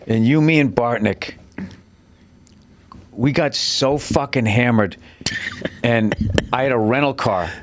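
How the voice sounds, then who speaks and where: A man, a comedian guest on a podcast, tells a long road story in loose, profane chat. His voice sits at an ordinary middle pitch, and he keeps circling back with fillers and swearing. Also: takes it slowly, long pauses, slight background noise. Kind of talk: casual chat.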